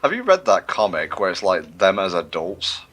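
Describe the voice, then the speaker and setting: A man's voice: low-pitched, very animated, moderate pace, fairly bright tone. A man co-hosting a gaming livestream, rambling and self-mocking in casual chat. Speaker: livestream co-host.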